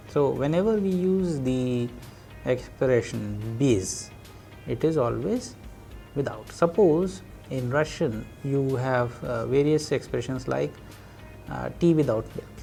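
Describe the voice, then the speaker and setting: A man teaching Russian in a recorded lecture, explaining and translating phrases one by one in a slow, hesitant way. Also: medium pitch, vocal fry, mellow.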